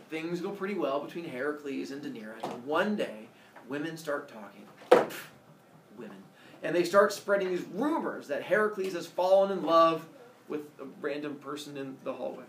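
A male teacher telling a myth to his class in a playful, animated way, asking the students questions. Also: fairly high pitch, moderate pace, background noise. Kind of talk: storytelling to a class. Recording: echoey classroom from far off.

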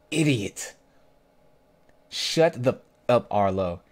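Animated young man reacting to a comic. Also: medium pitch, drawn-out words. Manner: animated, jokey, reads comic lines aloud and riffs on them. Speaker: webcomic reaction host. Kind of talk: casual reaction commentary reading a comic aloud.

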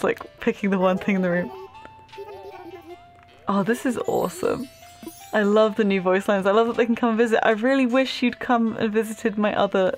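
A young woman hosting a gaming channel, giving casual, giggly and excitable commentary while she plays, laughing often. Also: mid-range voice.

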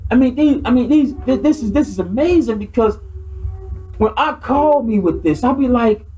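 A man's voice: very high voice, expressive, moderate pace, dark tone, soft background music. A man reading and commenting on scripture in class, speaking emphatically and often repeating words.

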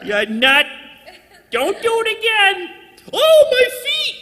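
A man voicing a soft-hearted male traffic cop in a shrill falsetto squeal, drawing out his words. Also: wildly swooping pitch, slow, in a large hall, exaggerated voice.

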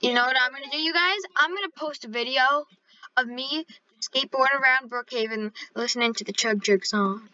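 A playful woman hosting a casual gaming video, joking and plugging her channel. Her voice is high and bright. The recording is dull and lo-fi. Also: a little fast. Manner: playful, joking, self-promoting. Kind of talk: casual gameplay chat.

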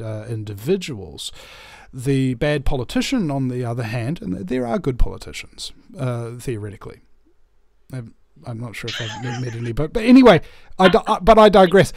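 Slow, rambling New man. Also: medium pitch, no echo, clean studio sound. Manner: rambling, many fillers and restarts, animated storytelling. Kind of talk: casual chat, storytelling.

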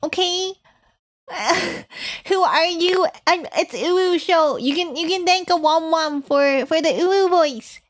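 Super high cutesy uwu girl voice, giggly, slow and stumbly, streamer lady doing it. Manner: giggly, stumbling over words. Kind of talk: live stream chat in a put-on voice.

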